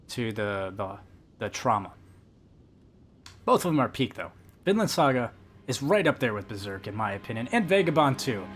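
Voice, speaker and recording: A man streaming a game live, chatting casually with viewers in a profane, animated rant. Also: medium pitch.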